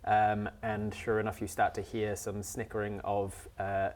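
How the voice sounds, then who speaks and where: A man narrating a tabletop game as game master, relaxed and chuckling, with many fillers. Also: lowish voice, unhurried.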